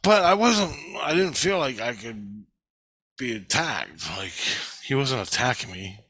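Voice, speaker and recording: This vlogger's mid-range voice is bright, forceful and slightly rough, animated but at a measured pace, as he rambles through a long story about his dreams. He swears a lot and performs the quoted lines, and there is no echo.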